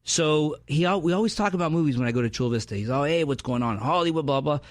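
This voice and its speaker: A man's voice: on the high side, no room sound, clean studio sound. A man co-hosting a podcast, telling a story in casual chat and acting out his friends' lines. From San Diego area. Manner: fast, animated storyteller, acts out friends' lines. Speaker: podcast co-host.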